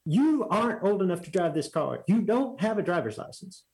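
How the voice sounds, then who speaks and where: A man voicing an exasperated older racetrack manager scolding a teenager in a raised, high-pitched voice. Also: big pitch swings, brisk, a little mellow.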